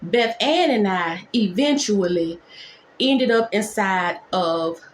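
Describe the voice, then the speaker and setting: A woman nurse telling a dramatic workplace story in a storytime vlog, talking in quick, animated bursts. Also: medium pitch, echoey room, a little hiss or hum.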